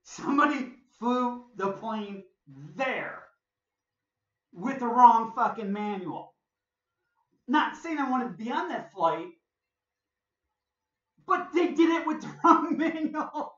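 A man tells stories for his vlog in a loose, profane way, laughing often and acting out what others said. His pitch swings widely. The sound is distant, roomy and a little dull. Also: lively intonation, slow pace, long pauses, a bit bright. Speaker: vlogger. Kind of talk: casual storytelling.

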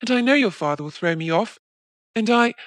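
A woman's voice: fairly high pitch, lively intonation, a little fast, dry recording, studio quality, voice pushed up, natural voice. A woman voicing a troubled, secretive young woman in an audiobook, speaking tenderly through tears. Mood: rueful tearful. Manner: rueful, tender.

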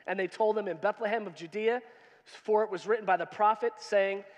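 High-voiced guy pastor cracking jokes and asking the crowd questions, long church echo. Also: fairly even intonation, a little fast. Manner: casual and joking, quizzes the congregation. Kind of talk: sermon. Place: church hall. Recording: long reverb in a church hall.

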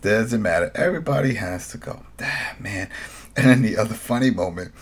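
Husky low-voiced man recapping a show. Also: moderate pace. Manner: animated, retells scenes by acting them out. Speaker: podcast co-host. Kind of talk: casual review chat.

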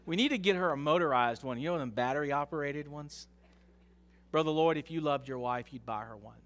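A man preaching an interactive sermon in a church, joking with the congregation and rising to slow, loud emphasis. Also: fairly high pitch. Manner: jokes with the congregation, leads call-and-response reading. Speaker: pastor. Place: church sanctuary. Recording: long hall reverb.

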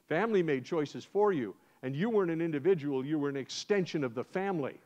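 An American man, a guest preacher, telling a sermon as a lively first-person story. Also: on the high side, fast talker. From United States. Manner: animated, acts out scenes in first person. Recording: dull lo-fi sound.

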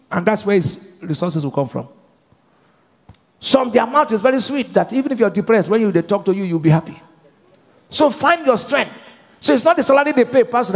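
A male pastor preaching a sermon, drawing the congregation into call-and-response by leaving his sentences open for them to finish. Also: very high-pitched. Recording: long reverb of a church hall.

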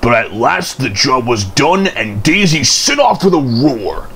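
A man reads a children's storybook aloud, slow and unhurried. His voice rises and falls with lively expression, and he tells the story with care. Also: mid-range voice, a little hiss or hum.

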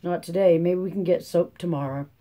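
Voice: medium pitch, fairly even intonation, mellow, natural voice. A reader voicing a weary, practical farm mother with a folksy rural drawl. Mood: matter-of-fact. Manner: brisk, bossy.

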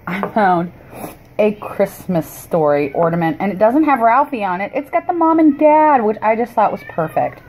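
Her medium-pitched voice is expressive and a little mellow, with a bit of hiss or hum behind it. A vlogger in a cluttered home, she chats through a shopping haul, rambling, apologizing, and frequently pausing and restarting.

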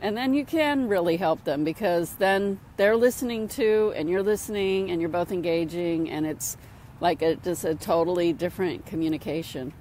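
A woman's voice: lowish voice, normal speed, darkish tone, slight background noise. A middle-aged woman, a spiritual mentor, talking casually and upbeat outdoors at sunset, repeating phrases for emphasis. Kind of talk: casual motivational talk to camera.

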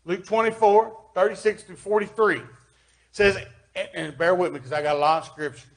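A man with a Southern US accent preaches in a folksy way, his voice sitting high. He reads scripture and comments plainly, jumping from loud stressed lines to hushed asides. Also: steady tone, normal speed. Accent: Kentucky Southern US. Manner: folksy, swings from loud emphasis to quiet asides. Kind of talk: sermon with scripture reading. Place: church.

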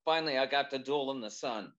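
A man, a screenwriter guest, describing a project in casual chat, halting and searching for words. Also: medium pitch, a bit bright. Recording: slightly dull lo-fi audio.

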